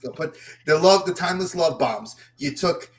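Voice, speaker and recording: A man co-hosting a wrestling podcast in casual chat, animated and rambling through lists of names. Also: a little high, normal speed. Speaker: podcast co-host.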